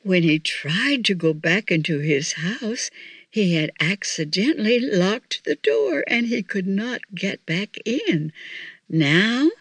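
Slow-reading woman storyteller. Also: medium pitch, expressive, no echo. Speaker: audiobook narrator. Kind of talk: children's story narration.

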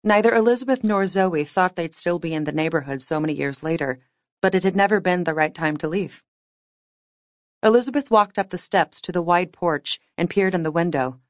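A woman reading fiction aloud as an audiobook narrator, with measured, wry storytelling. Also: fairly low pitch, no echo, clean studio sound. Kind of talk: scripted narration.

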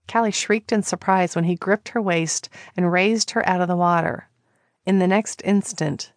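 A woman reads a novel aloud at a slow, deliberate pace in a fairly low voice. The sound is dry and close, with no room around it. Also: no room sound. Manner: slow, even storytelling. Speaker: audiobook narrator. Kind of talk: scripted narration.

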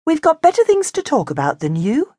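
A woman's voice: high voice, huge pitch swings, brisk, dark tone, no room sound, clean studio sound, pitched above the performer's own voice. Woman doing a cheeky little girl penguin. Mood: hushed. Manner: teasing, whispering at times. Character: cheeky small female fairy penguin.

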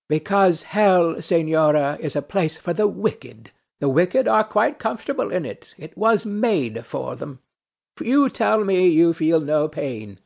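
A man's voice: on the high side, gravelly, darkish tone, full character voice. A man reading a play aloud, voicing a weary, ironic nobleman who speaks in a dry, mocking, philosophical way. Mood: dryly mocking. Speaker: audiobook narrator.

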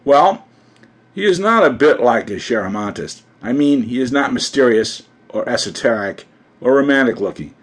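A gushing, gossipy grand society hostess, as a man puts her on. The voice swoops through a lively, animated range with a slightly husky edge, bright with excited chatter. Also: mid-range voice, moderate pace.

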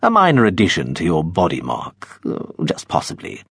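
A pompous, deep-voiced villain from an audiobook, as a male narrator puts him on. He coaxes and threatens in a theatrical, silky way, with a low, slightly husky tone and a lively rise and fall. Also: moderate pace, no echo, studio quality, heavily acted. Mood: cajoling menace. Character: smug wealthy menacing man hunting a girl. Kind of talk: audiobook character voice.

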